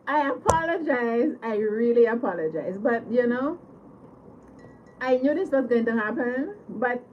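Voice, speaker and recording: A high-pitched woman talks slowly and easily to her viewers on a home livestream. She is giggly and apologetic, and she thanks people over and over. The audio is a little dull, with a faint hiss under it. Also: animated. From Caribbean. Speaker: livestream host. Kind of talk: casual livestream chat. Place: home living room.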